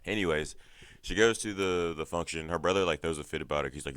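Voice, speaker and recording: A man's voice: deep voice, fast talker, fairly bright tone, smooth, dry recording, studio quality. A man with a stuffed-up nose giving a heated, rambling TV show recap full of swearing. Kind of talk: casual profane TV recap.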